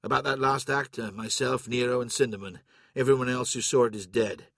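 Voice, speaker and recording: A man's voice: medium pitch, fairly even intonation, a little fast, gravelly, fairly bright tone, no echo, clean studio sound. A man voicing a troubled, guilt-ridden young male soldier who speaks in a somber, subdued way.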